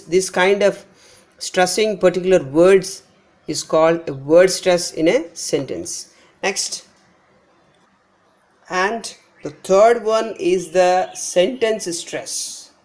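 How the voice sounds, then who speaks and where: A man with an Indian English accent giving a pronunciation lesson, patiently repeating example words slowly for emphasis. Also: sits high, darkish tone. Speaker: English teacher.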